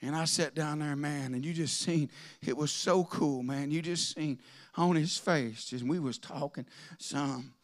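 A man's voice: fairly high pitch, a little slow. A man preaching a sermon, telling folksy stories that rise into fervent preaching.

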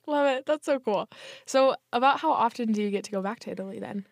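A woman's voice: a little high, fast talker, vocal fry, no echo. A young adult woman hosting a podcast, upbeat and giggly in casual chat. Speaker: podcast host.

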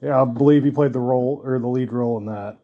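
Man, podcast host, casual chat, rambling, mid pitch, faint hiss. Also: steady tone, quick pace, muffled recording.

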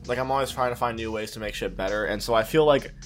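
A young man, a film student and YouTuber, chatting as a guest on a casual podcast, excitable, swearing and restarting his sentences often. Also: fairly low pitch, fast talker, soft background music. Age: young adult.

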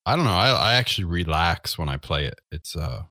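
A man's voice: low voice, expressive, fairly quick, bright, forceful tone, no echo, clean studio sound. A man co-hosting a casual gaming podcast who talks hesitantly, with many ums. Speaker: podcast co-host. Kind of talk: casual chat.

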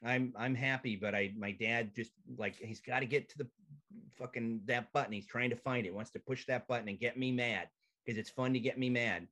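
A male comedian telling a profane, animated comic story as a podcast guest over a video call. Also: mid-range voice, moderate pace.

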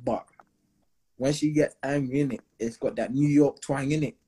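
A young man co-hosting a casual podcast, talking in animated slang and laughing often. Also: medium pitch, moderate pace, breathy edge. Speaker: podcast co-host.

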